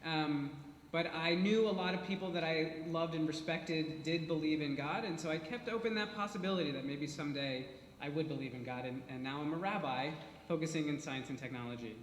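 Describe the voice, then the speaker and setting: A man, a rabbi, introducing himself on a panel in a relaxed, self-deprecating way. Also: a little high, fairly quick, a little hiss or hum. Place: church hall. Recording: echoey hall, faint room ambience.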